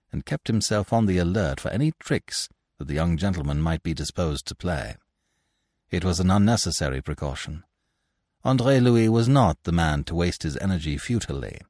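A man narrating a classic novel for a podcast in a measured storytelling manner. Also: deep voice, a little mellow, no room sound, studio quality. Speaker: podcast reader.

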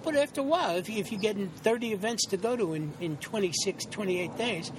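Middle-aged actor, high voice, animated storyteller, loose rambling delivery, faint hiss behind. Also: male voice, quick pace. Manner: rambling, animated anecdotes with acted-out quotes and many restarts. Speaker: actor and interview guest. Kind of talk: casual interview storytelling.

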